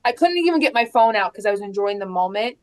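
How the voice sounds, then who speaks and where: A woman in her thirties chatting casually about parenting, animated and laughing often as she acts out quotes. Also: mid-range voice, fast. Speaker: guest mom. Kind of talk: casual chat.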